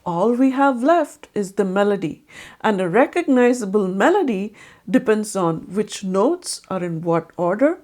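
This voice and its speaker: Lively-voiced woman explaining music. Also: mid-range voice. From India. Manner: explanatory, sings short sung examples. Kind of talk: educational video narration.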